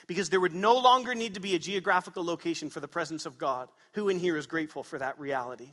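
In a church sanctuary, a male pastor with a high, bright voice preaches a sermon. He drives his points home forcefully and tosses questions to the congregation. A long hall reverb rings around his words.

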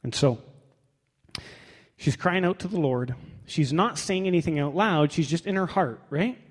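Man pastor, sermon, fairly high voice, wry, conversational, long church reverb. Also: a little slow, breathy edge. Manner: conversational, wry, reads scripture aloud.

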